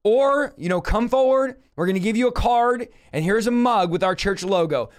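A man voicing a smooth, soft-spoken complacent pastor in a mocking churchy tone. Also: high voice, moderate pace, close to an everyday voice. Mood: mock-soothing.

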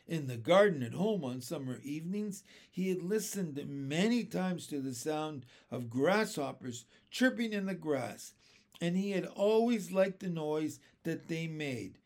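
Male storybook reader, slightly higher voice, slow read-aloud delivery. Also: darkish tone. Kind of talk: reading a children's book aloud.

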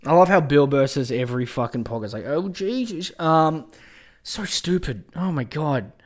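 A man hosting a casual podcast, ranting in a profane, excitable way that often turns exasperated. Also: medium pitch, moderate pace. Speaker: podcast host.

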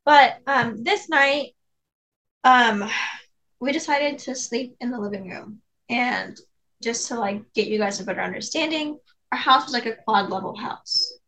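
Woman, podcast co-host, chatty storytelling, somewhat high voice. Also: a little slow, a bit bright, poor audio. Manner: chatty, many "like" fillers. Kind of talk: casual storytelling chat.

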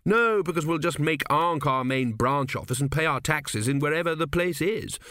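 A man's voice: a little high, normal speed, bright, forceful tone, no room sound, studio quality, pitched above the performer's own voice. A man doing an eager chattering young merchant. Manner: rambling, eager, businesslike. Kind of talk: audiobook character voice.

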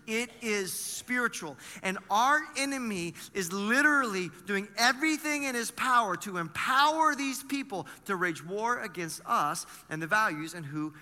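A man's voice: high voice, pushed and bright. A male pastor preaching a sermon in a conversational way, full of rhetorical questions to the congregation. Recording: long reverb of a large hall.

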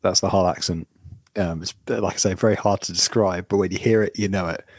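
A low-pitched man in casual podcast chat, joking and hopping between topics. The sound is dry and close, with no room behind him. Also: fairly even intonation, a little fast, no echo. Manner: chatty, jokey, jumps between topics. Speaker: podcast co-host.

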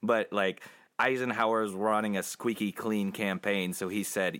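Man, low voice, casual podcast chat, rambling, restarts, laughs a lot. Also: fairly even intonation, a bit bright, clear, resonant tone. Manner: rambling, laughs often, puts on quick voices for quotes. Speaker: podcast co-host summarizing a film.

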